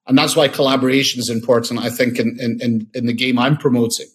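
An eager male founder who talks at a mid pitch in casual interview conversation. He tends to stumble over his words, restarting and repeating himself as his ideas tumble out. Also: flat delivery, fast talker. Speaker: founder and CEO, podcast guest.

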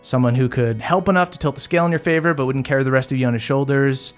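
A man's voice: medium pitch, steady tone, fast talker, soft background music, lightly acted. A man voicing a woman from the fey recounting a ruined world. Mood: reflective. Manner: reflective storytelling.

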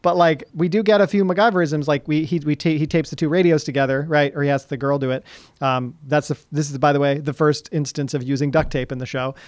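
A man's voice: on the high side, level tone, fast, dry recording, clean studio sound. A man co-hosting a podcast in casual chat, making sarcastic remarks and laughing often. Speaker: podcast co-host.

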